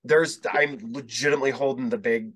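A man's voice: medium pitch, fairly even intonation, brisk, fairly bright tone. A male podcast host telling rambling, profane stories in casual chat, acting out the dialogue as he goes.

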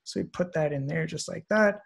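A man walking through a photo compositing tutorial on screen, relaxed and thinking aloud with many fillers. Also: on the high side, fairly quick, vocal fry. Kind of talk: screen-share software tutorial. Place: online presentation, recorded at his computer.

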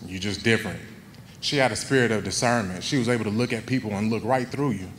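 A young man speaking at a memorial in a high school gym, telling heartfelt stories and acting out quoted voices. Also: fairly bright tone, slight background noise. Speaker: eulogy speaker. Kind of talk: memorial speech.

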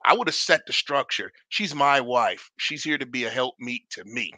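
A man co-hosting a casual discussion, earnest and measured, often chiming in with short agreements. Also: mid-range voice, animated, sharp tone, no room sound.

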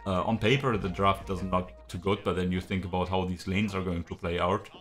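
A man's voice: low voice, steady tone, fairly quick, a bit bright, faint music behind. A man reacting live to an esports match, frustrated, swearing, ranting with lots of fillers. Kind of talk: live game reaction commentary.

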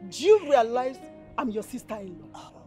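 A woman's voice: on the high side, animated, moderate pace, slightly rough, faint music behind. An actress playing a fiery young village woman with a Nigerian accent who scolds and insults a man. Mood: angry. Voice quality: sharp, scolding. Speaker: actor.

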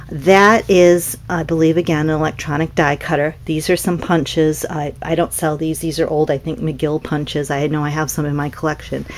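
A woman's voice: low-pitched, slight background noise. A middle-aged woman from North Carolina, chatting casually as she shows handmade cards, meandering with frequent restarts and ums. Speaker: craft seller showing customer cards. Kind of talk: casual show-and-tell vlog.

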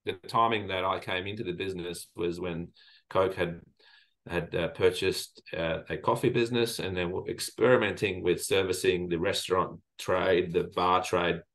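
A man's voice: sits low, fairly even intonation, normal speed, a bit bright. A man from Lebanon, a guest in an interview, telling stories in a reflective way with many fillers and restarts. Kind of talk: casual interview storytelling.

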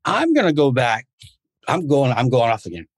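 With huge pitch swings in his mid-range voice, the American martial arts instructor tells rambling stories at a moderate pace as a podcast guest. He restarts often in this casual chat, and the recording is dry.

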